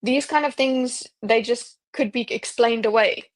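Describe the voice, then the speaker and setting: A woman's voice: on the high side, a little slow. A woman guest on a movie review podcast, reacting and chiming in during casual chat. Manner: reactive, laughs and chimes in.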